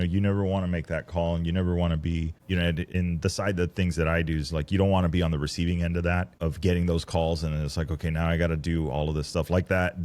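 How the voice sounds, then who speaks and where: A low-voiced man chats casually about rally logistics. He talks in a halting, rambling way, restarting phrases again and again. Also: darkish tone. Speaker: host and rally support coordinator. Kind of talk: casual conversation.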